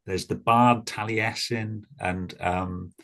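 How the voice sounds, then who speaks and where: A Welsh man chatting as a podcast guest, relaxed, repeating words as he gathers his thoughts. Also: fairly low pitch, slow pace, gravelly. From Wales. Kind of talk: casual chat.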